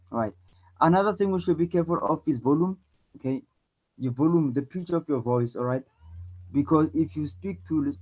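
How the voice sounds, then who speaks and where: A South African man with a fairly high voice teaches a debate lesson over poor audio. He repeats points and keeps checking in with "okay?" and "all right," and demonstrates loud versus soft and fast versus slow speech.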